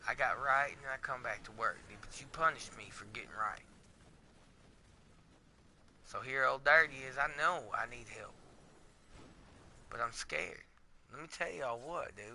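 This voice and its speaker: A podcast host tells his story in a candid monologue. His voice is very bright and cutting, at a mid pitch. He talks bluntly and swears often, and his delivery stays emotionally raw. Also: slight background noise.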